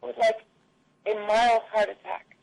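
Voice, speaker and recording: A woman's voice: on the high side, steady tone, moderate pace, creaky, darkish tone, low-quality recording. Woman playing a scheming jilted wife. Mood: wry.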